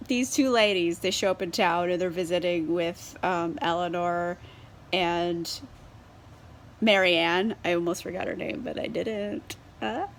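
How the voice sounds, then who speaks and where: A woman's voice: on the low side, fairly even intonation, unhurried, vocal fry, a little hiss or hum. A woman casually reviewing a book while tipsy on wine, chatty and giggly with lots of fillers and swearing, recorded on a camera set on a tripod. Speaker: book vlogger.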